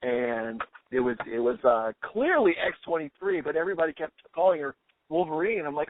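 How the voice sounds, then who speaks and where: A man co-hosting a podcast in a casual chat, excitedly quoting lines and gushing over what he loves. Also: on the high side, no echo. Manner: excited, quick to quote lines. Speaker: podcast co-host. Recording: tinny phone-like sound, dry.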